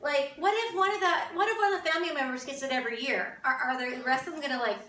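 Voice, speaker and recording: A woman's voice: sits high, fast talker, sharp tone, reverberant, far from the mic, low-quality recording. Chatty, wry Canadian woman vlogging. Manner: chatty, wry, amused asides. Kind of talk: casual chat to camera.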